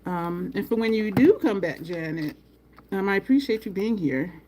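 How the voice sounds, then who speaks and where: A woman hosting a casual makeup livestream, chatting with viewers by name and jumping up in pitch when she gets excited. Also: moderate pace, slight background noise.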